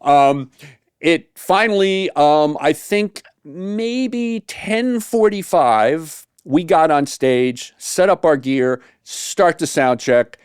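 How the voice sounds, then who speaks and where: A man, a saxophone tutor, casually telling a story in an animated way with many fillers, acting out the quotes. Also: a little high, takes it slowly, clear, resonant tone, no echo, clean studio sound.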